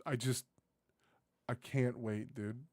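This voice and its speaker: A man doing casual reaction commentary, rambling and excitable, swearing freely and tossing in dude and bro. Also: medium pitch, slow pace, no room sound. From United States. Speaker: reaction video host.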